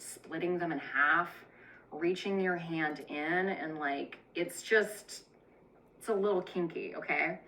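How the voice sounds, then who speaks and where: A woman's voice: lowish voice, pushed and bright, a little hiss or hum, poor audio. A woman telling a profane, irreverent comic retelling of a Bible story with chatty asides. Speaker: comedic storyteller.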